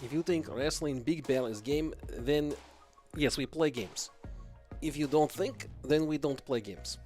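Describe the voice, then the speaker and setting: A man voicing a deadpan Russian tough guy in a put-on Russian accent, speaking slow, broken English, with faint music behind. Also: fairly high pitch, lightly acted.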